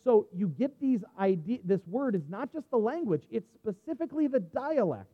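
A man with a high voice preaches to his congregation in a chatty, off-the-cuff way, often restarting his sentences and breaking into asides. The sound is a little dull and muffled, with a long reverb trailing off the walls of a church sanctuary. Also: sing-song, normal speed. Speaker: pastor. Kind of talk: sermon.

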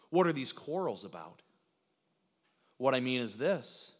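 A man preaching a sermon, animated, acting out quoted lines, with frequent restarts. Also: mid-range voice, measured pace. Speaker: pastor. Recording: reverberant hall sound.

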